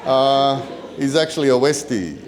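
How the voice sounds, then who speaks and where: A man's voice: medium pitch, animated, moderate pace, over a noisy crowd, very noisy. A middle-aged Australian man, the groom's father, giving a chatty, self-deprecating wedding speech at a reception.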